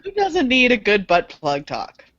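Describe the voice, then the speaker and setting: A woman's voice: fairly high pitch, huge pitch swings, unhurried, fairly bright tone, dry recording. A woman co-hosting a podcast in casual chat, speaking English as a second language, teasing and giggly. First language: not English. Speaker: podcast co-host. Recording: dry, slightly dull podcast audio.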